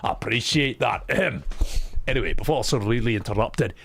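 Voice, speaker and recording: A man's voice: mid-range voice, quick pace, gravelly, a bit bright, a little hiss or hum. A man streaming, chatting casually with his live chat and joking as he goes, swearing freely.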